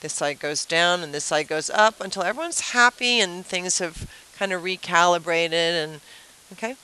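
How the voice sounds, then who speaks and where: A woman's voice: fairly low pitch, moderate pace, sharp tone, clean tone, poor audio. A woman teacher giving a chatty review lesson at a whiteboard, asking the class questions and explaining with playful everyday comparisons.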